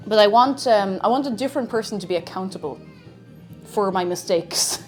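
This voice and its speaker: A woman's voice: mid-range voice, moderate pace, soft background music. A woman streaming herself cooking in a home kitchen, chatting casually and mocking herself as she rambles. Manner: rambling, self-mocking, talks to herself and chat. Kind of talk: casual live-stream chat while cooking.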